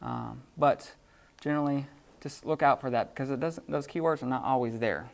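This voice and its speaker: A man lectures a beginner class in a casual, halting way, stopping often for ums and quick restarts. His voice has a gravelly edge and sits at a middle pitch. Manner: casual, filler-heavy explaining with frequent restarts. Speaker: Greek teacher.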